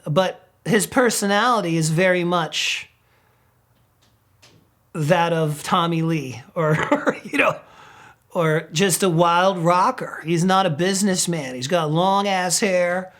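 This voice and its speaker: A man's voice: high voice, takes it slowly. A middle-aged man, a rock singer, telling road stories in a casual interview, laughing often and swearing freely. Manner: acts out quotes with sudden loud outbursts.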